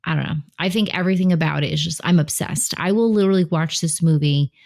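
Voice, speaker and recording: A woman co-hosts a casual podcast about films, teasing in a playful, bossy way and bursting with enthusiasm. Her low voice is fast with a darkish tone.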